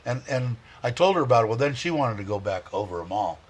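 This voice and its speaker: A man hosting a casual livestream, rambling warmly, chuckling and reading viewer comments aloud. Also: mid-range voice, expressive, quick pace, breathy edge. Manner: heartfelt, chuckles often. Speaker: livestream host.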